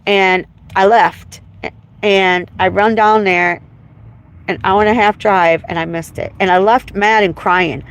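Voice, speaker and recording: A woman's voice: mid-range voice, steady tone, unhurried, low-quality recording. A woman venting in an emotional, profane, rambling livestream monologue while driving. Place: inside a car, driving. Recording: car noise behind. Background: road and car noise.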